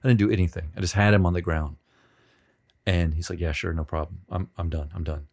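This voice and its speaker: A man being interviewed on a podcast, telling rambling, self-deprecating stories with many halting restarts. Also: sits low, fairly even intonation, vocal fry, a little mellow. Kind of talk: casual storytelling.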